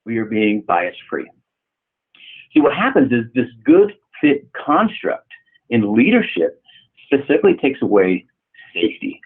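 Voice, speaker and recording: A man's voice: mid-range voice, husky. A man from California giving a leadership training webinar, telling personal stories earnestly with frequent restarts. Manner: earnest storytelling with repeated restarts. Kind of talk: webinar presentation. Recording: tinny phone-like audio.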